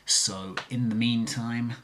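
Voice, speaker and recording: A man's voice: mid-range voice, fairly even intonation, slow, fairly bright tone, slight background noise. A man in his twenties with a Birmingham accent, rambling in a self-deprecating way in a casual vlog. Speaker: vlogger.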